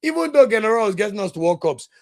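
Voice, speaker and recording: Animated man ranting on a livestream. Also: high-pitched, racing, creaky. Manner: animated, indignant, ranting with laughs. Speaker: podcast host. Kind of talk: live watch-along commentary, reading viewer comments.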